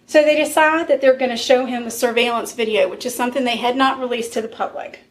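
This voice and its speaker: A woman's voice: a little high, fast, slight background noise. A woman co-hosting a podcast, telling a true-crime story in a casual way and acting out the quoted dialogue. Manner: lively retelling with quoted dialogue.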